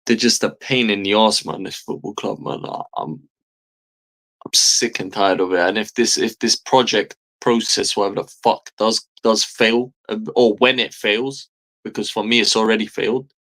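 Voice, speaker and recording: A man's voice: lowish voice, fairly bright tone. A man, delivering an exasperated, profanity-heavy fan rant as a football streamer, hammering his points home by repeating phrases. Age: 30s.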